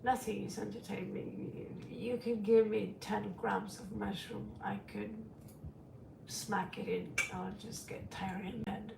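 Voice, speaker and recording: On a casual stream, a middle-aged tarot reader rambles frankly and calls her audience sweetie. She talks at a slow pace in a steady, medium-pitched voice with vocal fry. The recording is distant, with roomy echo and background noise.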